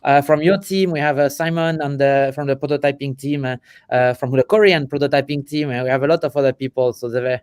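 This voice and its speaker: A man's voice: medium pitch, steady tone, quick pace, a little mellow, clear, resonant tone. A man with a French accent co-hosting a casual livestream chat, talking freely with frequent restarts and self-corrections. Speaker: co-host.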